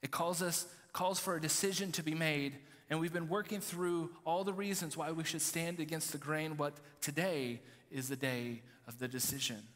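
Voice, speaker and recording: Pastor preaching in a reverberant hall. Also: male voice, on the high side, steady tone, moderate pace, few pauses, fairly bright tone. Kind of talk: sermon with scripture reading.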